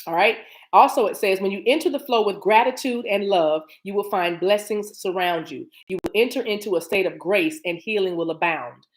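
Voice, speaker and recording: A woman's voice: medium pitch, moderate pace, few pauses. A woman doing a live-streamed oracle card reading, reading card text aloud and then talking it over with her viewers in a chatty, familiar way. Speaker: spiritual card reader.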